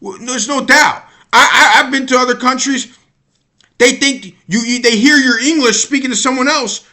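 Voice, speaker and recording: A man's voice: very high-pitched, moderate pace, sharp tone. An American man giving a rambling, exasperated sports-opinion monologue, often repeating and restarting his words. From United States. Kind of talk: casual monologue rant.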